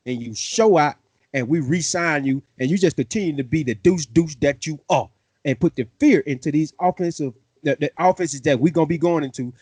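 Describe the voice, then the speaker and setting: Excitable man, dry close sound. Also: fairly high pitch, dry recording. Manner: excitable, playful, Southern slang. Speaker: host. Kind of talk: fan sports podcast talk.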